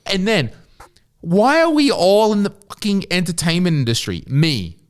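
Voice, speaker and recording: A man's voice: high-pitched, normal speed. An Australian man co-hosting a podcast in a studio, ranting and swearing in casual chat. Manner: ranting, profane, animated storytelling. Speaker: podcast co-host.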